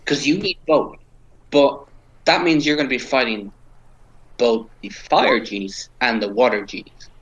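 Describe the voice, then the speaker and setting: A man's voice: medium pitch, steady tone, a little slow, a bit bright, lo-fi sound. A man playing his character in a tabletop game, earnest and hesitant, often stammering. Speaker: player.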